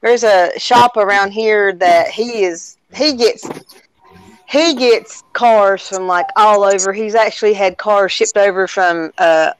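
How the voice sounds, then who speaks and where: A woman's voice: medium pitch, takes it slowly, slight background noise, low-quality recording. A woman in casual late-night chat on a remote call, chatty and easygoing.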